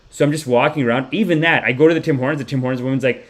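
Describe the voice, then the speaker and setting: A man hosting a live comedy podcast, spinning a rambling, animated story. His voice sits at a middling pitch, and he swears freely and acts out the people he talks about. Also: very fast, few pauses. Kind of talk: rambling comic monologue on a live stream.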